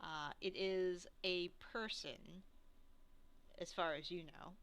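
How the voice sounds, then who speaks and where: Slow, bright-voiced woman game master. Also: lowish voice, fairly even intonation, clean tone. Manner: rambling, with many fillers and restarts. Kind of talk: narrating a tabletop game.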